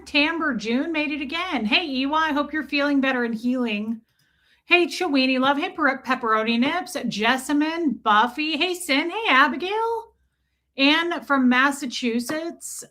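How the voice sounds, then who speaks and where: Chatty lady streamer reading off chat names, kinda high voice, jokey. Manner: chatty, teasing, warm toward chat. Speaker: live stream host. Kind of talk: casual live-stream chat greeting viewers. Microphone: streaming mic.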